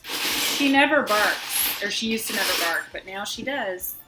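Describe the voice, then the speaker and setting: A woman's voice: mid-range voice, lively intonation, a little slow, rough recording. Tired, teasing woman chatting at home. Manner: teasing, laid-back. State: tired, coming down with a cold. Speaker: co-host, host's wife. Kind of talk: casual chat. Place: home, indoors. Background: background music.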